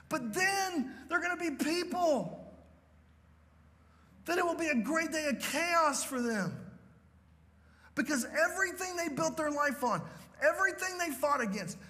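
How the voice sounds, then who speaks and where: A man's voice: extremely high pitch, sharp tone, long reverb tail. A man preaching a sermon as pastor, telling a story with emphasis and often checking in with the crowd. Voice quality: emphatic storytelling with frequent "okay?" check-ins.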